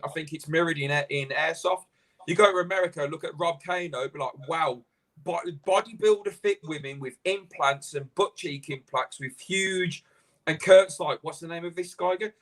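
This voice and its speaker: A man with a fairly high voice, ranting in loose, animated chat on a live stream. He swears freely. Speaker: host.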